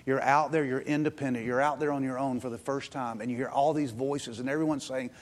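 Man preaching a sermon. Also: medium pitch. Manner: lively preaching with quick asides and frequent "um" fillers. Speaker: pastor. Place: church service.

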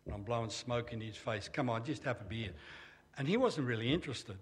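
A man's voice: mid-range voice, expressive, brisk. An older man with an Australian accent telling his personal faith story in a plain-spoken, conversational way with dry humor. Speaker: testimony speaker.

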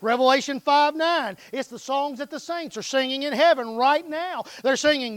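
High-voiced preacher with booming surges. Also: male voice, dry recording. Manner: preaching with sudden loud, high-pitched surges and drawn-out phrases. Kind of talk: revival sermon.

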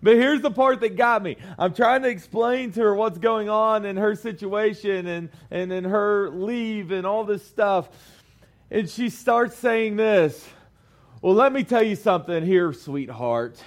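A man's voice: high voice, a little slow. A young man giving a casual youth sermon to a small group, telling a story in a chatty way with lots of fillers.

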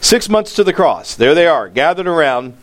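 A man's voice: a little high, very animated, moderate pace. A pastor delivering a sermon in a conversational way, raising his voice for emphasis. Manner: conversational preaching that rises in emphasis on quoted lines.

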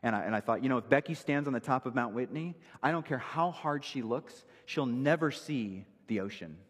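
Husky, lively preaching man. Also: mid-range voice, fairly quick, in a large hall. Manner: emphatic, teaching verse by verse. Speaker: pastor. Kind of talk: expository sermon.

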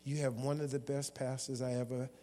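A man's voice: mid-range voice, flat delivery, a little fast, slight background noise. Preaching man in a reverberant church. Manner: call-and-response preaching with bursts of shouting. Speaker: guest preacher. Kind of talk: sermon. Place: church sanctuary. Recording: long hall reverb.

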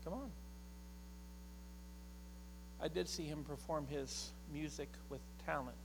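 A middle-aged man preaching a sermon as a pastor, swinging from impassioned shouting to quiet storytelling. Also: on the high side, normal speed, creaky, noisy background.

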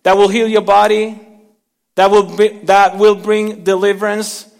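A man preaching from the pulpit with a high, carrying voice, his words ringing out in a long hall reverb. He moves between forceful emphasis and soft, hushed lines, and he has the congregation repeat words back to him. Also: little pitch movement, measured pace, creaky. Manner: dynamic preaching, drops to soft near-whispers for emphasis. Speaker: pastor. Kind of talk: sermon.

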